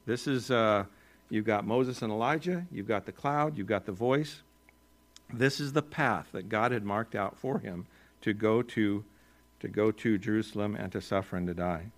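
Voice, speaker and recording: A male pastor with an American accent preaching a sermon in a relaxed, conversational way, with joking asides and chuckles. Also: lowish voice, normal speed.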